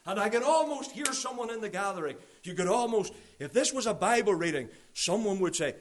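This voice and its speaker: A male preacher delivers a sermon to his congregation, his voice sitting high and swinging widely in pitch. He slows down to stress key phrases and slips into quiet asides. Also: animated, slight background noise. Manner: emphatic, repeats key phrases slowly. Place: church gathering.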